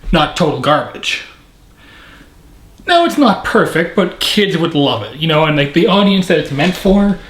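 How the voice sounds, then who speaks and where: A man's voice: a little high, a bit bright. A man giving a casual, joking reaction review of a movie, sarcastic and rambling. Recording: roomy echoey room.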